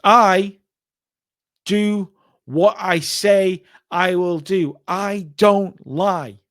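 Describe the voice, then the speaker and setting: A man voicing an arrogant male champion wrestler, delivering slow, loud, emphatic boasts. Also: high-pitched, steady tone, heavily acted. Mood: boastful.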